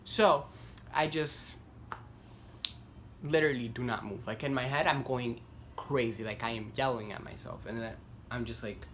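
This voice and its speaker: A young man vlogging, telling a story casually and rambling with lots of "like" fillers, getting animated as he goes. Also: mid-range voice, moderate pace, long pauses, a little hiss or hum. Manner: rambling, heavy use of "like", self-deprecating; animated, voice climbs when worked up.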